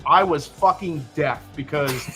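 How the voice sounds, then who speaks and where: A man's voice: a little high, a little slow, bright, forceful tone, faint music behind. A middle-aged man hosting a casual live stream, joking and swearing freely as he chats with a guest and reads the chat. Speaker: livestream host.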